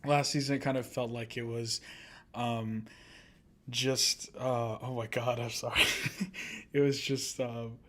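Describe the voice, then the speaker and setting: A man co-hosting a laid-back anime podcast, his voice sitting at an ordinary middle pitch. He chats loosely and giggles often, losing his thread mid-sentence before picking it back up. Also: flat delivery, slow, a bit bright. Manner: giggly and easily distracted, often breaking into laughter. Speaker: podcast co-host. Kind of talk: casual anime podcast chat.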